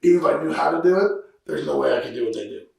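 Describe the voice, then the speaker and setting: A man's voice: a little high, expressive, racing, creaky. A man hosting a podcast, talking casually and repeating himself as he rambles. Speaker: podcast host. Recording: echoey, distant from the mic.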